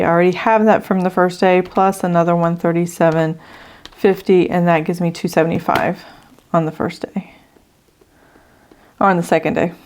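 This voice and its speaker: A woman's voice: fairly low pitch, a little mellow. Woman talking through her budget math. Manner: thinks aloud while adding numbers, with fillers. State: out of breath from allergies. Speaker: budgeting channel host. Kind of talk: casual budget walkthrough.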